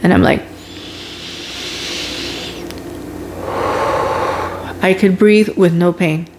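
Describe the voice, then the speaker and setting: A woman's voice: on the low side, steady tone, moderate pace, darkish tone. A woman vlogger telling her own story in a casual, emotional way, with sighs and groans as she relives it.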